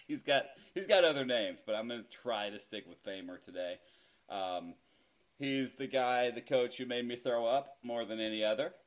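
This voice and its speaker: A man's voice: mid-range voice, normal speed. A middle-aged man hosting a casual podcast, chatty and self-deprecating, laughing easily as he talks. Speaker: podcast host.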